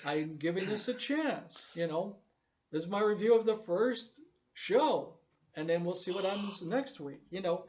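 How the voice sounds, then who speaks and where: A man's voice: high-pitched, animated, moderate pace, crowd noise. A man giving a blunt, profane, repetitive review of a TV show during a casual live stream. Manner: blunt, emphatic, profane, repeats himself.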